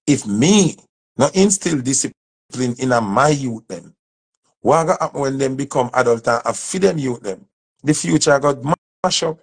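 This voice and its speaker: A Jamaican dancehall artist delivers an impassioned speech to camera in a fairly high, gravelly voice with a breathy edge. His tone is emphatic and preachy, and he repeats his points.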